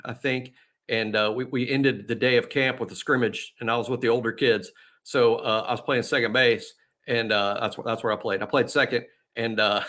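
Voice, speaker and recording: A man's voice: medium pitch, a bit bright. A man co-hosting a sports podcast, telling stories and making picks in a rambling way, full of fillers and laughs. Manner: rambling, laughs often, many fillers and restarts. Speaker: podcast co-host. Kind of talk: casual sports chat.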